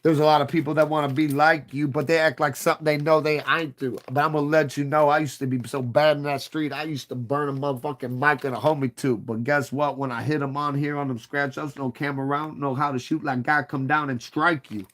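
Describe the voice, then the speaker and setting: A man's voice: on the high side, steady tone, fairly quick, hardly any pauses, fairly bright tone. A man in his thirties hosting a livestream, chatting casually and profanely with viewers in a rambling, playful way. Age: 30s. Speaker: livestream host.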